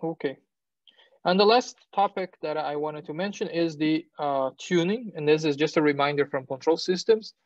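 A man lecturing on engineering in a fairly high voice, stepping through ideas with fillers, self-corrections and the odd "right?". The sound is dry and close, with a dull, lo-fi tone like a classroom recording. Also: normal speed, no room sound. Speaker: university lecturer. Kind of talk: technical lecture.

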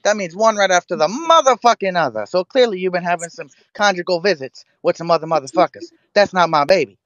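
Brief: man imitating loud foul-mouthed comic, low punchy delivery, muffled close mic. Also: animated, fast, no room sound. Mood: indignant. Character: brash stand-up comic telling a jail story.

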